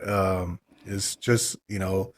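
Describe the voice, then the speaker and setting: A man co-hosting a podcast, speaking hesitantly with halting restarts that trail off. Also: deep voice, steady tone. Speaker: podcast co-host. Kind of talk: casual podcast chat.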